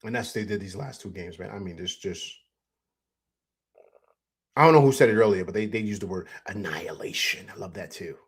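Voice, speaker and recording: A young adult man hosting a casual postgame livestream, breaking down highlights and greeting viewers in an excited, chatty way that is full of fillers. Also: a little fast, pauses often, breathy edge. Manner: excited, animated, repeats "man" and "you know what I'm saying". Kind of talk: casual sports commentary over highlights.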